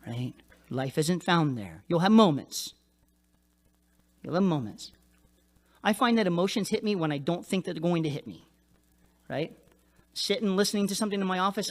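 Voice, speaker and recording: A male pastor preaching a sermon in an animated, conversational way, often checking in with "right?". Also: a little high, moderate pace, pauses often.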